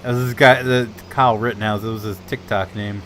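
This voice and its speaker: A man's voice: fairly low pitch, fairly even intonation, fairly quick, a bit bright, a little hiss or hum. A man hosting a gaming stream, chatting casually with friends, laughing often and swearing while retelling clips. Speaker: gaming channel host. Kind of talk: casual chat while streaming a farming game.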